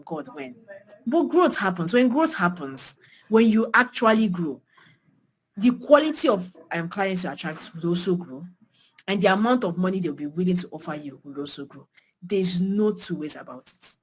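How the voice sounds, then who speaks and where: A young Nigerian woman with a Nigerian accent gives a passionate motivational talk to beginner designers, emphatic and repeating phrases, her pitch and loudness swinging widely. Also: slightly rough. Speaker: design mentor speaking to beginners.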